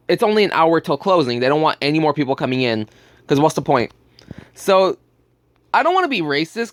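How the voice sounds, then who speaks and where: A man's voice: a little high, fairly bright tone, no room sound. A young man telling a blunt, profane story about work in a casual vlog. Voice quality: burping, just ate. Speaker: gaming channel host.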